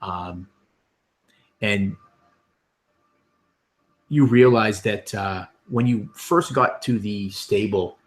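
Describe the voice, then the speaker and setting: A man's voice: on the low side, very slow, long pauses. A man narrating scenes as game master of a tabletop game, with many ums and restarts.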